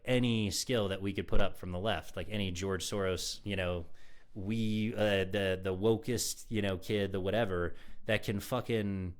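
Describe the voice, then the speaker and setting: A man live streaming, ranting with angry, profane mockery while reacting to clips. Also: on the low side.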